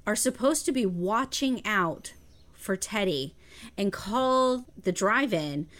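A woman chatting about a film, jumping in to fix the plot details. Her voice is animated and moves a lot in pitch, though it sits at a middling level. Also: slow. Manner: lively, corrects and fills in plot details. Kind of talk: casual movie recap chat.

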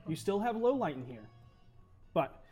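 A game master narrating a tabletop game in casual chat, quick to laugh. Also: medium pitch, very animated, mellow, breathy edge, faint music behind.

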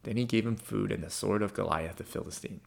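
Man voicing a sly informer, quiet, low-key, matter-of-fact. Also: brisk, vocal fry. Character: sly male informer betraying others.

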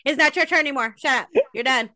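A woman co-hosting a casual podcast chat, blunt and teasing, quick to cut others off. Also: sits high, over a noisy crowd. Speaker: podcast co-host.

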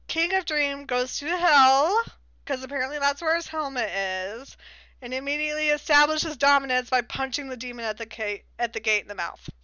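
A woman's voice: sits high, normal speed, bright, forceful tone, dry recording, lo-fi sound. A woman co-hosting a podcast, recapping a book in a giggly, rambling, sarcastic casual chat.

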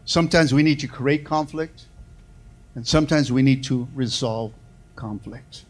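A man preaching a sermon to his church, calling for amens and swinging from loud, quick bursts to slow, soft passages. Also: mid-range voice. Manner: preaching with call-and-response, repeated "amen" and "come on". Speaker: pastor.

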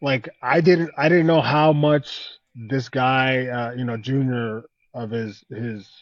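A man as a podcast guest in casual conversation, halting and reflective, filling pauses with "man" and "you know.". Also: mid-range voice, steady tone, dry recording, dull audio. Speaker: guest fighter.

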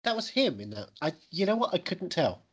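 A man's voice: high voice, very animated, a little fast, husky. A man hosting a podcast, chatting casually with jokey, teasing banter. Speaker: podcast host. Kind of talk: casual comedic chat.

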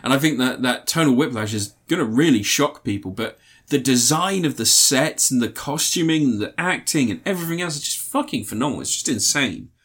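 Podcast guy gushing about a movie, swears a ton, does little voices for the scenes, mid pitch. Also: slightly rough. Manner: animated, swears a lot, acts out scenes in quick put-on voices. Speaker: podcast co-host. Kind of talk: casual film review chat.

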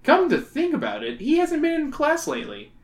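A woman's voice: high voice, huge pitch swings, a little fast. A woman hosting a podcast, reading a kids' horror book aloud and breaking off for jokes. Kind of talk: comedic read-aloud. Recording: echoey room.

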